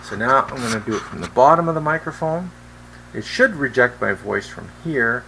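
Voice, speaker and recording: A man's voice: mid-range voice, expressive, moderate pace, gravelly, pushed and bright, rough recording. A man reviewing a wireless microphone, asking the viewer plainly whether they can hear his voice and the fan. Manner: plain, asks the viewer questions. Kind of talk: product test vlog. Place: indoor room with a fan running. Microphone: wireless handheld mic being tested. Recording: faint fan hum.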